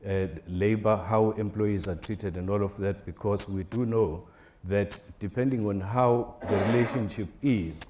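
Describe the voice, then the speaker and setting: A man from a business chamber answering on a panel in a measured way, with many fillers. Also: lowish voice, steady tone, a little mellow, slight background noise. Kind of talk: panel discussion.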